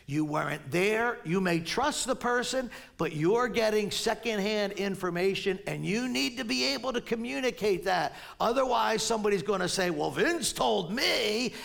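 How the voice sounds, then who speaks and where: A middle-aged male pastor preaching a sermon in a conversational, animated way, with frequent stammered restarts. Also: high-pitched, gravelly.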